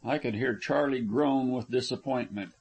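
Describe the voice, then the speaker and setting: A man narrating an adventure audiobook in an even, measured reading. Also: medium pitch, slightly rough, dull audio. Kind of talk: scripted narration.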